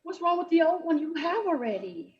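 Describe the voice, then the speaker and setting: A woman's voice: extremely high pitch, very animated, brisk, muffled recording. A woman doing a brash, chatty stand-up comedy set over a video call. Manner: brash, chatty, punchy delivery.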